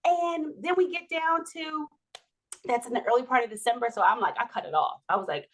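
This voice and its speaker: Animated woman telling her story. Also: a little high, fairly quick. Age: 40s. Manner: animated, laughing, acts out quoted dialogue. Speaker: podcast guest. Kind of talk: personal storytelling in an interview.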